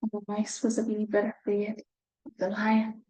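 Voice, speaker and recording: A woman reading a picture book aloud to children, gentle, with soft whispered asides. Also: medium pitch, monotone, normal speed, echoey room, poor audio. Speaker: children's storyteller.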